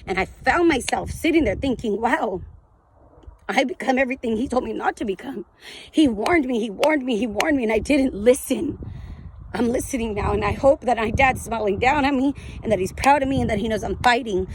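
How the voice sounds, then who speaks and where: A woman's voice: on the high side, a little fast, noisy background. A woman in her thirties candidly telling her addiction and recovery story in a raw, blunt, emotional way, swearing freely. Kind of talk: candid testimonial vlog.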